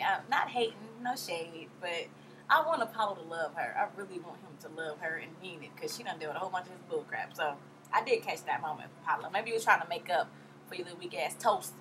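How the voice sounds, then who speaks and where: A young woman casually recapping a TV episode in a sassy, animated way, acting out quotes in high voices. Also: a little hiss or hum. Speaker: vlogger reviewing a TV episode.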